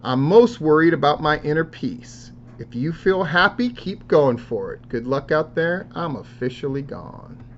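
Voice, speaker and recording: A man's voice: fairly high pitch, animated, a little slow, hardly any pauses. Sarcastic wrestling podcast man, lo-fi. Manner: profane, sarcastic, reads posts in a raised voice. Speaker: podcast host. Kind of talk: casual commentary reading social media posts aloud. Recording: dull lo-fi sound with faint noise.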